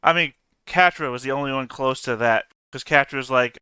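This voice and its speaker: A man chatting casually with fellow tabletop players, animated and profane, laughing as he rants. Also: medium pitch, a little fast, few pauses, clear, resonant tone, no echo. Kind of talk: casual chat between game sessions.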